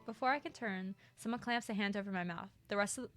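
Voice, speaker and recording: A young woman hosting a casual visual novel playthrough, excitable, reading narration aloud and joking. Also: mid-range voice, soft background music. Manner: excitable, reads narration aloud, quick jokes. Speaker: host.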